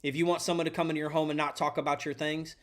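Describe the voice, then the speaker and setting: A man's voice: a little high, level tone, racing. A man hosting a podcast, giving earnest, preachy advice to tradespeople and calling the listener his friend. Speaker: podcast host and electrician coach. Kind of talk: motivational talk to tradespeople.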